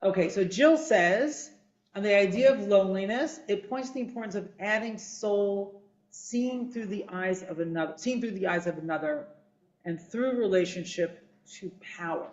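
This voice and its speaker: A woman leading a text study discussion, lively and affirming as she moderates speakers. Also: mid-range voice, moderate pace. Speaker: discussion leader. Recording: echoey, dull room sound.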